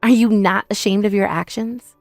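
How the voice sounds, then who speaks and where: A woman's voice: medium pitch, fairly even intonation, normal speed, dry recording, studio quality, faint music behind. A woman narrating a dramatized first-person story in a confrontational, scolding way.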